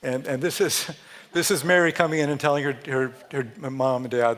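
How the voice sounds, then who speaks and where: A man's voice: medium pitch, moderate pace, a bit bright. A man giving a conversational sermon in a church, chatty and joking, often restarting his sentences and laughing at his own jokes. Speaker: speaker giving a Sunday talk. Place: church sanctuary.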